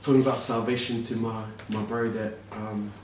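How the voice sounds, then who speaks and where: A man chatting over a meal in a relaxed, hesitant way, pausing on ums as he searches for words. He sits back from the mic in an echoey room, with a faint hiss behind him. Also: on the low side, distant mic. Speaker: vlog co-host. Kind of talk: casual mukbang chat.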